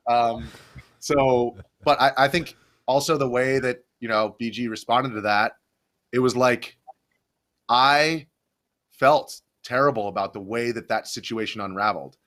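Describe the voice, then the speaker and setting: He's a young adult video journalist being interviewed on a casual podcast, rambling through a story with plenty of restarts and fillers. His mid-range voice comes across a bit bright.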